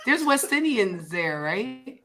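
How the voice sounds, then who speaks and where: Teasing, bright-voiced woman on a podcast. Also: fairly high pitch, slow pace. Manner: teasing, animated, playful. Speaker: podcast guest. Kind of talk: casual podcast chat.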